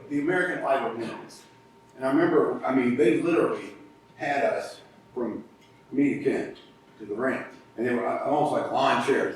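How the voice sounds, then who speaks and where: Male guest speaker, lively storyteller who acts out the quotes; distant mic, faint background rumble. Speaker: guest speaker, podcast co-host. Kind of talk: storytelling speech at a club meeting. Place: large meeting room. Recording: echoey room, faint rumble, far from mic.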